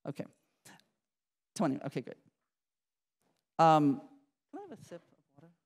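A middle-aged woman, a psychology professor, giving a lively public lecture, restarting sentences and talking straight to the audience. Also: low-pitched, moderate pace. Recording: reverberant lecture hall.

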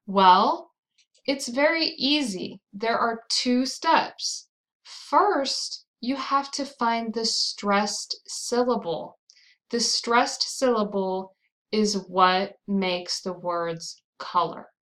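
A woman with an American accent teaching pronunciation, saying each word slowly and repeating it for the listener. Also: a little high, a bit bright, poor audio. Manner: drills words slowly and repeats them. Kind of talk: slow, clearly enunciated teaching.

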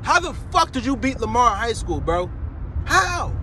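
A man rants in a strikingly high voice, profane and worked up. He repeats himself as he vents to his followers. Faint traffic hum sits behind him outdoors. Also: big pitch swings, a little fast, pushed and bright. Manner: profane, heated, repetitive. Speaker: fan vlogger. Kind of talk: angry fan rant.

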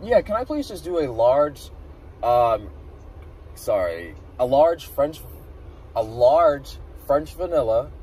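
A man vlogging from inside his car, ranting with animated outbursts and talking into a phone he holds in his hand. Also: medium pitch, husky, recorded from a distance, poor audio. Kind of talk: casual car vlog chat. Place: inside a car at a drive-thru. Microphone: phone held in hand.

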